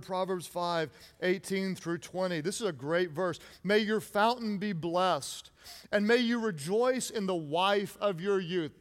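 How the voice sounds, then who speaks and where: High-voiced joking male preacher. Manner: playful, joking preacher calling for audience responses. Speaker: pastor. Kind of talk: sermon.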